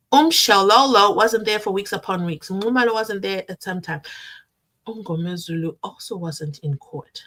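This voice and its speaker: A young South African woman with a South African accent hosting a casual live-stream from her desk, reading viewer comments aloud and reacting in an animated way. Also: medium pitch, normal speed. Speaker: commentary channel host. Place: at a desk at home.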